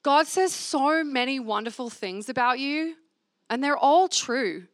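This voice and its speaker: A woman's voice: high voice, animated, a little slow, fairly bright tone, no echo, studio quality. A woman leading a church reflection, reading scripture aloud and asking the listeners to repeat affirmations after her. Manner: earnest, asks the room to repeat lines. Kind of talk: sermon with call-and-response scripture reading. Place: church gathering.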